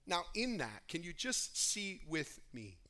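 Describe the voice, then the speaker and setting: High bright-voiced impassioned preacher man. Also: big pitch swings, measured pace. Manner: impassioned, swings between quiet and loud; addresses the congregation directly. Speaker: pastor. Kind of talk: sermon.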